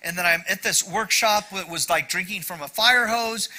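Bright, high-voiced man preaching. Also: moderate pace, low-quality recording. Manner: conversational, self-deprecating, frequent "right?" asides. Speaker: pastor. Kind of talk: sermon.

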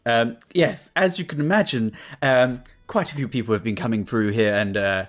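A man's voice: normal speed, faint music behind, natural voice. A man voicing a fussy, balding gnome jeweler who is obsessed with cleanliness, in a prissy, disdainful manner. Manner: prissy, disdainful, high-pitched and fluttery.

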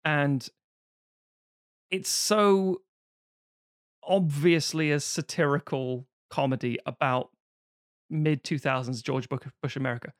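A man talking films in a loose, swearing chat with a fairly high voice. He bursts into squeaky mock voices when quoting characters. The recording is dry and close, with no room sound. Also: takes it slowly, long pauses, no room sound. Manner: swearing, animated, acts out quotes in sudden high voices. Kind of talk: casual film review chat.

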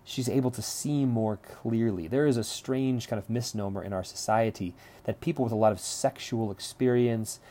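A man's voice: mid-range voice, normal speed, hardly any pauses, dark tone. A man teaching a lecture on a play, talking conversationally, often repeating words and checking in with "right?".

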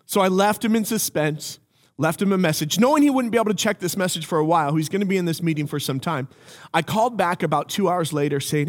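High-voiced man preaching a story-led sermon. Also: a little fast, big-room sound. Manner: storytelling, acts out phone calls in raised voices. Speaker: pastor.

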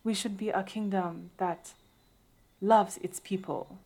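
A woman's voice: medium pitch, steady tone, slow, dark tone. Woman mimicking a solemn warrior queen.

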